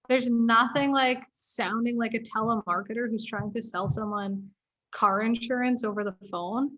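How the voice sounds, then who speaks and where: A woman speaking as a guest in a casual interview, relaxed and laid-back, with many fillers. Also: fairly high pitch, normal speed, poor audio.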